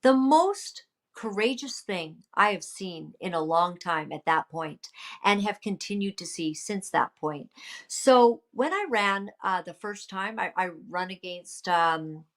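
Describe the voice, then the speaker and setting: A woman, a political candidate and podcast guest, retelling events in an emphatic, lively way with many fillers. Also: medium pitch, measured pace. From Canada. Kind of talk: storytelling in a casual interview.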